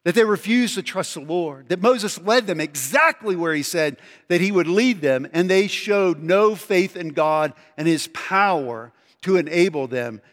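A man's voice: sits high, expressive, a little slow, few pauses, fairly bright tone, in a large hall. A man preaching a conversational sermon, walking through scripture and mimicking the voices in it. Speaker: pastor.

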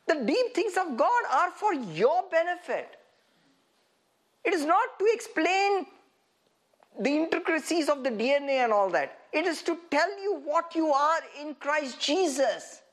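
A man with a very high-pitched voice preaches a sermon animatedly, laughing often and putting rhetorical questions to his listeners.

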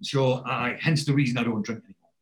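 A man's voice: medium pitch, quick pace, low-quality recording. A man in casual chat, retelling a TV episode, swearing freely and acting out the characters' lines. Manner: animated storyteller, swears freely, acts out quoted lines.

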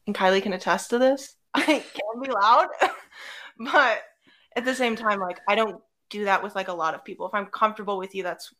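A woman's voice: medium pitch, moderate pace, a little hiss or hum. A young woman co-hosting a podcast, chatting casually and acting out the lines of others as she tells her stories. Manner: animated storytelling, acting out quotes. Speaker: podcast co-host. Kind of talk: casual chat.

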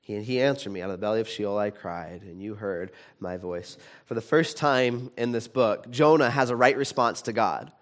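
A man's voice: on the low side, normal speed, hardly any pauses. Conversational man preaching a sermon. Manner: conversational, animated in retellings, many restarts. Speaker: pastor.

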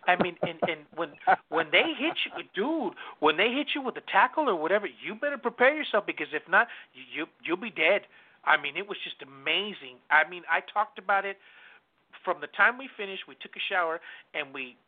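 A wrestler calls in and tells a story in a lively, laughing way, peppered with "dude" and "bro". His voice sits high for a man. The sound is thin and boxy, like a phone line. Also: fairly quick. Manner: animated, laughs often, says "dude" and "bro". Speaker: guest wrestler. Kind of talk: casual storytelling.

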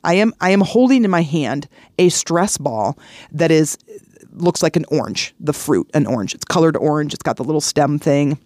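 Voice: medium pitch, expressive, normal speed, darkish tone, no room sound. A middle-aged podcast host giving a casual motivational talk, earnest and chatty, telling personal stories with lots of repeats and restarts.

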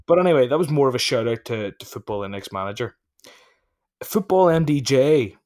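A man's voice: medium pitch, expressive, brisk, darkish tone. A man hosting a casual podcast over drinks, jokey and loose, swearing freely in banter. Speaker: podcast host.

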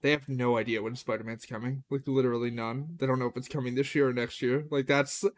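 A man's voice: medium pitch, little pitch movement, fast. A man co-hosting a casual podcast, talking chattily with lots of fillers and frequent laughter. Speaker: podcast co-host. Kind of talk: casual chat.

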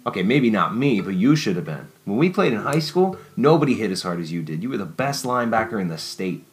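A man's voice: on the low side, very animated, quick pace. A man voicing a friendly, talkative young male pharmacist who coaxes and reassures his friend.

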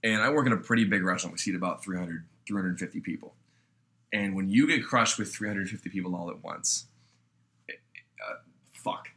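A man's voice: low voice, fairly quick, pauses often. A young man in casual chat, swearing freely and telling a story about kitchen work. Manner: profane storyteller who shouts out the voices in his stories.

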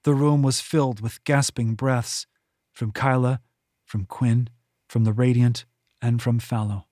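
A man narrating his own fantasy novel as an audiobook, measured and unhurried, on a close mic. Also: medium pitch, steady tone, a little mellow, no echo. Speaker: author and narrator.

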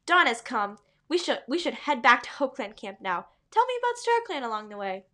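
A woman's voice: sits high, very animated, brisk, sharp tone, full character voice. A woman voicing a cheerful female warrior cat.

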